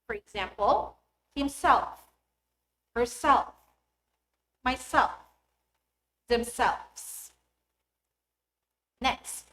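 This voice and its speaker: Her high-pitched, fairly bright voice carries through an echoey classroom as this English teacher pronounces example words individually with deliberate stress. A slight hiss or hum sits under the recording.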